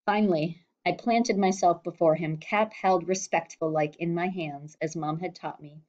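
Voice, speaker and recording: A woman reading a novel chapter aloud for students, with steady, clear storytelling. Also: lowish voice, normal speed. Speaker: reader. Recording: slightly dull lo-fi recording.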